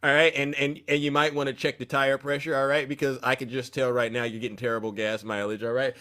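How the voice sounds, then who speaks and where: A man's voice: medium pitch, little pitch movement, fast talker, fairly bright tone. A man hosting a casual livestream call-in show, teasing and bantering with callers.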